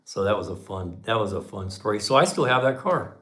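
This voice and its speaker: A man in his fifties with a fairly low voice hosts a casual livestream. He tells stories in a folksy, chatty way, often tossing in "man" and acting out the back-and-forth as he goes. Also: lively intonation, fairly quick, a bit bright. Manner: folksy, chatty, drops in "man" and acts out quoted dialogue. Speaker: channel host on a livestream.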